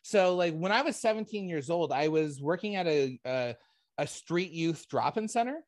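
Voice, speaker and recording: A man's voice: a little high, animated, normal speed, dry recording, clean studio sound. A man from Canada in his forties, a comedian talking candidly in a casual interview, rambling with lots of fillers and asking "right?" often. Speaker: comedian guest.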